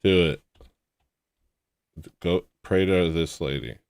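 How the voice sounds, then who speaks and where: A man with a very low voice tells a rambling personal story on a livestream. He talks casually and acts out the people in it with sudden loud put-on voices. The sound is close and dry, with no room around it. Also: takes it slowly, creaky, clear, resonant tone, no echo. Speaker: livestream host.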